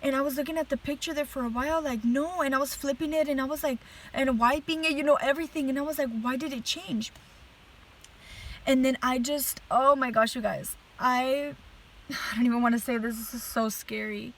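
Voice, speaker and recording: A woman telling a dream story straight to camera. Her voice sits a little high, and she talks in an earnest, animated way. She keeps filling her sentences with "like" as she tries to get the details across. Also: a little fast, poor audio. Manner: chatty, heavy use of "like" fillers. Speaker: person giving a religious testimony.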